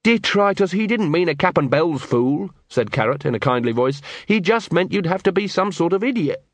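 An eager, kindly young watchman, as a male reader plays him who means every word. His voice is a bit higher than the reader's own and moves a lot. The sound is close and dry. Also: expressive, unhurried, breathy edge, no room sound, exaggerated voice. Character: earnest young male watch captain, kind and naive.

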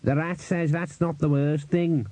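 Male narrator doing a nervy know-it-all raven, a bit higher, husky, dark, audiobook. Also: little pitch movement, a little slow, dry recording. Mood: nervous. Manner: chatty, pedantic trivia-spouting. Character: fussy know-it-all talking raven, nervous. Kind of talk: audiobook character voice.

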